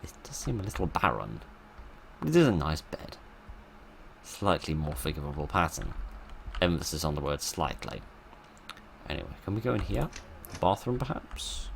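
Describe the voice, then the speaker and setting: Deep, gravelly man joking through a game. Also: a little hiss or hum. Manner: wry, sarcastic asides to the game. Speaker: let's play host. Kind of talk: casual gameplay commentary.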